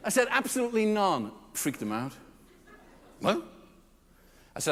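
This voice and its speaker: Man telling funny stories to an audience, lively swooping delivery, long hall reverb. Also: moderate pace, pauses often. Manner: animated, acts out customers and staff with big pitch jumps. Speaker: keynote speaker. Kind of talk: comedic storytelling talk to a live audience.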